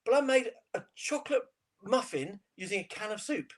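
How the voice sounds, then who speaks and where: A middle-aged man, a TV chef guest, chatting casually in an interview and telling animated stories with frequent laughter. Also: high-pitched, normal speed. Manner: animated storyteller, laughs often.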